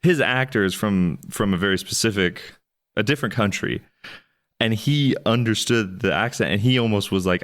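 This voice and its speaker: A man co-hosting a podcast, chatting casually about a movie, rambling and restarting with sudden animated jumps in pitch. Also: moderate pace. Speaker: podcast co-host. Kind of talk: casual movie review chat.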